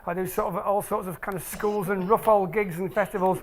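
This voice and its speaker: This Englishman speaks a little fast in a high voice with little pitch movement. In a lecture hall, he presents a lively, jokey maths show for a family audience, playfully teasing the crowd.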